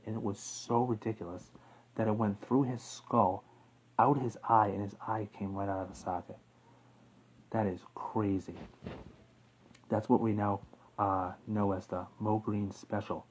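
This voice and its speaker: A man's voice: lowish voice, fairly even intonation, normal speed, breathy edge, low-quality recording. A man hosting a casual true-crime video, rambling with fillers, self-corrections and the odd chuckle. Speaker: YouTube true-crime host. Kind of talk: casual off-the-cuff talk to camera.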